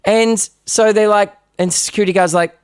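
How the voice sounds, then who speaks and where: Animated man telling a story. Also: high voice, normal speed, clean tone, no room sound, clean studio sound. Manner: animated storyteller with many restarts who swears. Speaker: musician live-streaming. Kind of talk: casual storytelling. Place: studio. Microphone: live-stream microphone.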